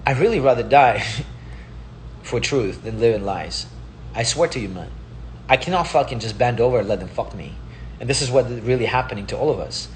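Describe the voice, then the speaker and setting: A man's voice: medium pitch, a little hiss or hum. A man with Russian as his first language, giving a heated, profane casual monologue and repeating himself. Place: Palm Springs.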